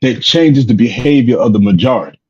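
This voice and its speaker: A man in a casual discussion, laying out his point in a measured way and repeating words as he builds it. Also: mid-range voice, breathy edge, muffled recording.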